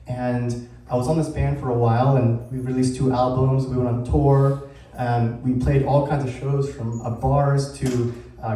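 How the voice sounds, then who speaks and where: A man's voice: medium pitch, warm tone. A man in his thirties, the founder of a community group, giving an upbeat anniversary talk to a live audience and asking the crowd questions. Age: 30s. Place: event space with live audience. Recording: very echoey room, heard from a distance.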